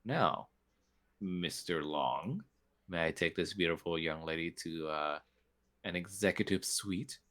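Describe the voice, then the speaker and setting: A man's voice: low-pitched, unhurried, fairly bright tone. A man voicing a fussy, stammering small penguin nobleman in a tabletop game. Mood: pushy. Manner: flustered, stammering.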